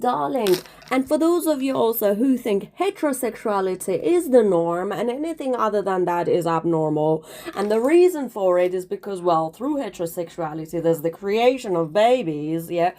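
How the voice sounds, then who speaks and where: A woman's voice: medium pitch, lively intonation, moderate pace, hardly any pauses, mellow. A woman talking to the camera in a casual monologue, emphatic and preachy, calling listeners darling and sounding slightly out of breath. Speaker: spiritual video creator.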